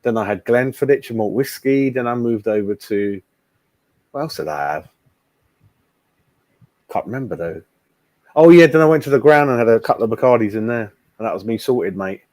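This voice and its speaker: A man's voice: medium pitch, normal speed, pauses often, darkish tone, no room sound. A man hosting a casual fan live stream, chatting bluntly and calling everyone mate. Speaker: fan channel host.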